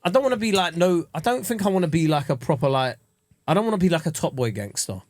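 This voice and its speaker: A man's voice: fairly high pitch, fast talker, dry recording, studio quality. A man, chatting crudely and jokily as a podcast co-host. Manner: crude, animated, jokey. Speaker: comedian co-host. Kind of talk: casual podcast chat.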